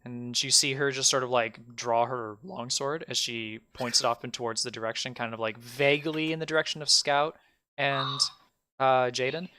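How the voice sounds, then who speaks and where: Guy running a tabletop game, rambly and casual, bright clear sound. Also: medium pitch, flat delivery, normal speed. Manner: casual, rambling with many fillers. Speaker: game master.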